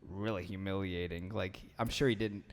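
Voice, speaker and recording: A man's voice: low-pitched, fairly even intonation, moderate pace. A man hosting a casual podcast chat who rambles and fills his talk with "you know" and "like.". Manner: rambling, filler-heavy, self-interrupting. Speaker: podcast host. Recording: long echoey room reverb.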